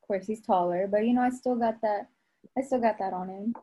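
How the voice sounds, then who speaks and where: A young adult woman chatting casually as a guest, agreeable and quick to laugh along. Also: mid-range voice, mellow, a little hiss or hum. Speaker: guest, host's niece. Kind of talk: casual family chat.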